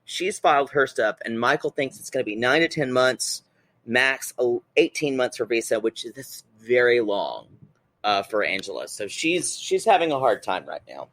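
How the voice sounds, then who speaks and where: A man's voice: mid-range voice, expressive, a bit bright. An American man co-hosting a podcast, recapping reality TV in casual chat, hedging and correcting himself as he goes. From United States. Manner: hedging, self-correcting, quick to laugh. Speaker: podcast co-host.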